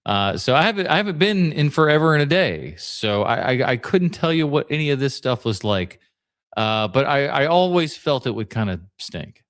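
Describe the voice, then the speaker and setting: A man's voice: mid-range voice, very animated, moderate pace, a bit bright. A man in the middle of his range hosts a podcast in loose, casual chat. He rambles through stories with plenty of fillers and little laughs. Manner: rambling storyteller, laughs mid-story, many fillers. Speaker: podcast host.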